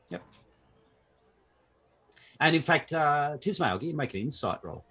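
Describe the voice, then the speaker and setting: A man's voice: a little high, animated, normal speed, sharp tone, slightly rough. A man narrating a tabletop game as game master, describing the scene with frequent fillers over an online call.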